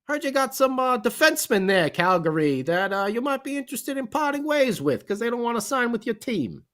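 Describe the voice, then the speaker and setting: A man doing a schmoozing team executive on a phone call, pitched well above a normal speaking voice. He sounds breezy and wheedling, and he pads his pitch with lazy uhs. The voice swoops up and down as he works the deal. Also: sing-song, a little fast, a bit bright, full character voice. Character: smooth-talking male team executive working the phone.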